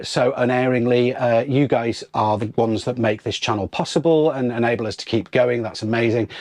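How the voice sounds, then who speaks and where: A man's voice: lowish voice, slightly rough, dry recording. A man hosting a sailing vlog in casual talk, chatty and often repeating his words, inside a boat's saloon. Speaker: sailing channel host.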